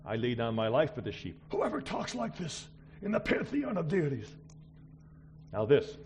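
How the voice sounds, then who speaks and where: Animated man preaching a sermon, muffled recording. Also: lowish voice, normal speed, slightly rough. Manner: animated, swinging between loud exclamations and quiet asides. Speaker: missionary preacher.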